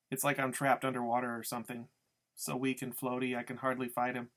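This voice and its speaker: A man reading a novel chapter aloud in a steady first-person narration. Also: mid-range voice, fast. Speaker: audiobook reader.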